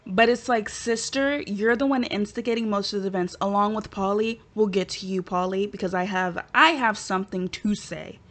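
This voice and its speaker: A woman's voice: medium pitch, moderate pace, hardly any pauses. A woman vlogger chatting casually and with sass to her viewers, giving her opinions straight to camera. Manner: animated, sassy, talks straight to viewers. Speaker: vlogger reviewing a reality show.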